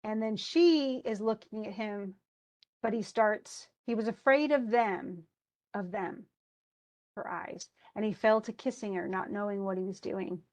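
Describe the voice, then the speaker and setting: A woman college English instructor talks through a short story in a loose, chatty lecture. She reads passages aloud and then comments on them, restarting her sentences and using plenty of fillers. Her voice sits at a medium pitch. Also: measured pace, darkish tone. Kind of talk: informal recorded lecture.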